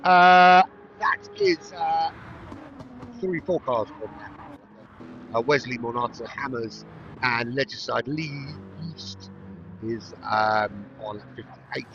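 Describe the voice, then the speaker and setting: A man's voice: mid-range voice, takes it slowly, bright, forceful tone, lo-fi sound, slight background noise. A middle-aged man from London with a London accent, casually commentating on a sim race, chatty and prone to joking digressions. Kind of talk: rambling solo race commentary.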